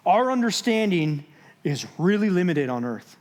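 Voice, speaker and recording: A man giving a sermon as guest speaker, telling a personal story with dramatic pauses, moving between loud and hushed moments. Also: on the high side, lively intonation. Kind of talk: sermon testimony. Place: church stage.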